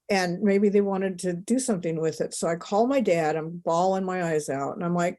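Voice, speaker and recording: A woman's voice: on the low side, normal speed, few pauses, mellow. A middle-aged woman, a podcast guest, telling a personal story in an emotional, rambling way with many asides.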